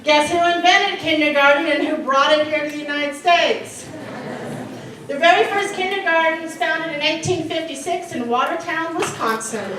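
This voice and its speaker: A woman teaches a history class in a high, bright voice, quizzing her students and laughing along with them. She stands away from the mic in a very echoey room. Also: normal speed, recorded from a distance, noisy background. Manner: lively, asks the class questions and laughs often. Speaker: history lecturer. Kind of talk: classroom lecture. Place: lecture room.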